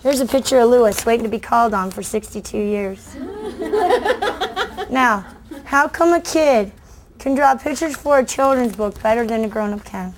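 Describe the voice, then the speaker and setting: A middle-aged woman, a children's book author, giving a playful, animated talk to education students and quizzing the audience. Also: a little high, moderate pace, slight background noise.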